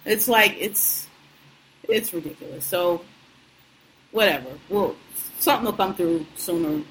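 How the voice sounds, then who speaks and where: A woman's voice: fairly low pitch, unhurried, fairly bright tone, low-quality recording. Podcast co-host, woman in her thirties, AAVE, blunt and profane, venting in casual chat, faint hiss behind.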